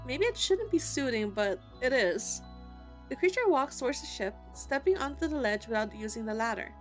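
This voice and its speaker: A woman streamer reading a dating-sim story aloud in an expressive, giggly way, breaking into excited squeals between lines. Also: sits high, moderate pace, faint music behind. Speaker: gaming streamer. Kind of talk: reading a visual novel aloud.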